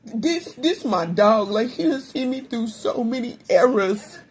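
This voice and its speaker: A woman's voice: a little high, lively intonation, unhurried. A young adult woman hosting a casual late-night monologue, candid and profane, laughing often and speaking with emphasis. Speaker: spiritual reader and host.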